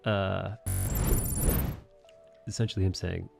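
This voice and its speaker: A man's voice: low-pitched, flat delivery, slow pace, creaky, music in the background. A man hosting a live art stream, chatting casually in a rambling, jokey way and thanking viewers. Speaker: streamer host.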